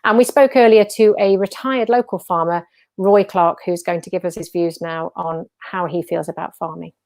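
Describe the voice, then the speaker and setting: A woman's voice: fairly low pitch, steady tone, moderate pace, darkish tone, no room sound. A woman hosting a live community event, enthusiastic, with many fillers and repeated words. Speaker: event host.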